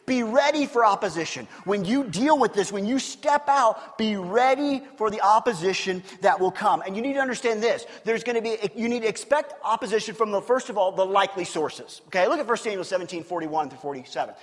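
A pastor delivers an animated sermon, his somewhat high, slightly husky voice carrying long reverb through a large sanctuary. He swings from punchy emphasis to quiet, earnest tones. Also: brisk, few pauses. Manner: animated preaching, swinging from loud emphasis to low hushed tones.

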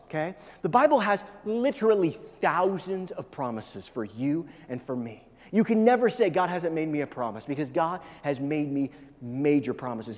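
A middle-aged man preaching a sermon as a pastor, talking fast and emphatic, often repeating phrases. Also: sits high, long reverb tail.

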